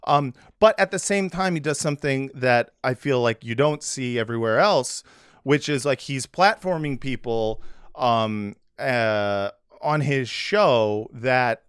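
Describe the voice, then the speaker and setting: A man's voice: mid-range voice, measured pace, clear, resonant tone, dry recording. A man hosting a podcast, chatting loosely and jokingly with plenty of fillers on a close mic. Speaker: podcast host. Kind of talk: casual comedic chat.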